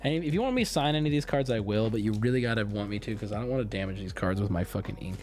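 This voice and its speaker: Animated swearing male streamer. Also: lowish voice, racing, faint music behind. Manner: animated, swearing, jumps between loud bursts and mumbling. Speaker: streamer opening card packs. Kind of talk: casual live-stream chat.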